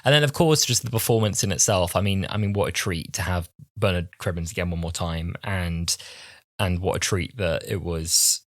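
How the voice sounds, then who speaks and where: A young man in his twenties with a low, deep voice, talking through a TV episode as a podcast co-host. He chats in a relaxed, reflective way with quick asides. The sound is dry and close, with no room around it. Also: no echo. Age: 20s. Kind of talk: casual review chat.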